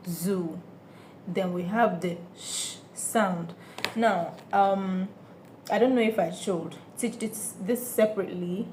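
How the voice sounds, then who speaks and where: Woman teacher, beginner language lesson, very slow deliberate delivery, faint room hiss behind. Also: on the low side, darkish tone. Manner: patient, repeats each sound slowly and checks understanding. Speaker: French teacher.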